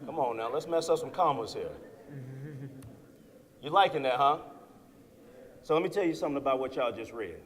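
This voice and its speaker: A man in his thirties giving an energetic motivational keynote to students, often checking in with "right?". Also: mid-range voice, normal speed, pauses often. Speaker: keynote speaker. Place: lecture hall with audience. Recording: long hall reverb.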